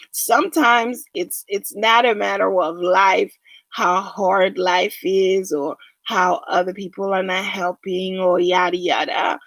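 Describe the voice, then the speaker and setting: A woman giving an unhurried, conversational motivational talk full of fillers. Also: medium pitch, dry recording, rough recording. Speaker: wellness speaker.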